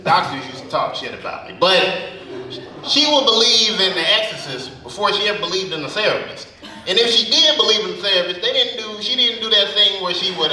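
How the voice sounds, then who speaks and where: A man's voice: high-pitched, lively intonation, brisk, pushed and bright. A man doing a stand-up comedy set in a speakeasy. He tells rambling, profane stories. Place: speakeasy venue. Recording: echoey room, mic at a distance.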